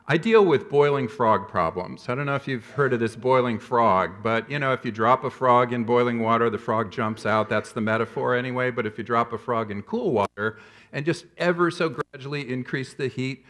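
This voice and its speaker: Man in his fifties, public health professor, conference keynote, lively storyteller, pokes fun at himself, mid-range voice. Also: mid-range voice, normal speed. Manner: animated storyteller with self-deprecating humor.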